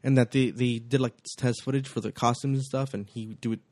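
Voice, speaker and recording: A man's voice: mid-range voice, steady tone, a little fast, a little mellow, no room sound. A man co-hosting a casual movie podcast, telling anecdotes with frequent ums and restarts. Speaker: podcast co-host.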